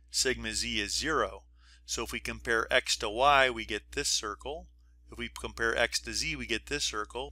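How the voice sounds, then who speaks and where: A man's voice: medium pitch, bright, forceful tone, no room sound. A middle-aged man giving a recorded engineering lecture, walking through diagrams step by step with informal asides and checks like "you see that?". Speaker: engineering professor.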